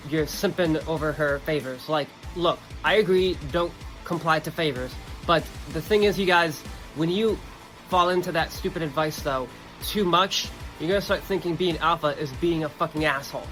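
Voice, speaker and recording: A young man holds forth as a podcast host in a bright, sharp voice that sits a little high for a man. He talks emphatically and curses freely, peppering his points with "okay" and "you guys." Faint music runs underneath. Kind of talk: casual monologue.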